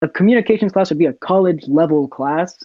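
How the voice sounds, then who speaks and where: Soft-spoken young man, slightly high voice. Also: fast, dry recording. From United States. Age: young adult. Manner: soft-spoken, laid back, laughs easily. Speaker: podcast guest. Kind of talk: casual conversation. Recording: dull lo-fi dry audio.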